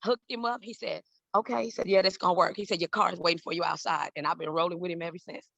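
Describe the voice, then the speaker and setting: A woman in her fifties from Southern California tells stories at a quick clip, her voice bright and a little gravelly. She acts out each person in her stories with big leaps in pitch. The sound is dry and close. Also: steady tone, no room sound. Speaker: guest, celebrity hair stylist. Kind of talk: animated storytelling in an interview.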